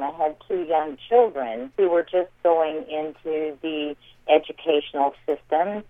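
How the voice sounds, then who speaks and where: A woman's voice: low-pitched, no echo. Middle-aged woman from the South on a phone line. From American South. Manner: warm, enthusiastic praise of colleagues. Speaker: theater director. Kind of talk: interview answers. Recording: tinny phone-line sound.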